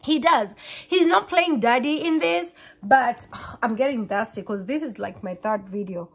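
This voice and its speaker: A woman, a Kikuyu speaker, chatting fast to camera in a casual vlog, often repeating and restarting words. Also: a little high, animated, slightly rough. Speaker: vlogger.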